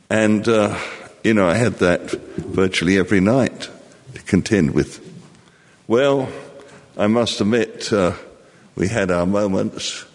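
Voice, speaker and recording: An older man with a very low voice tells his story slowly and reflectively, filling pauses as he goes. His words ring out with a long reverberant tail, as if he is speaking in a large hall. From England. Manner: slow, reflective, with many fillers. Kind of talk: personal storytelling to an audience.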